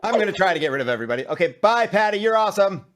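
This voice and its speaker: Fast-talking man on a noisy call. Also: high-pitched, sing-song. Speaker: co-host comedian.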